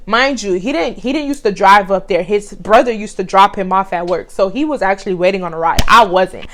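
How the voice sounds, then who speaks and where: A woman, telling a blunt, profane, animated story to her vlog viewers. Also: medium pitch, a little fast, few pauses. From Texas. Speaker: vlogger.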